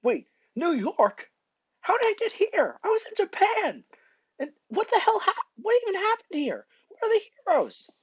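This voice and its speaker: A man voicing a panicky teenage boy hero who yells in alarm. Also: lively intonation, brisk, slightly rough, lo-fi sound. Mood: panicked. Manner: shrill, alarmed yelling.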